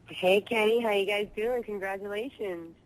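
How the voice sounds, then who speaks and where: A woman from Miami, a pop singer, calling in to a radio show, hoarse from being sick and chatting brightly. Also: medium pitch, moderate pace, low-quality recording. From Miami, Florida. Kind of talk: phone-in interview.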